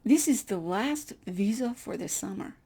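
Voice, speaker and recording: Woman doing a brusque Soviet woman clerk, broken English, blunt, gravelly. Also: medium pitch, lively intonation, a little slow, dark tone, full character voice.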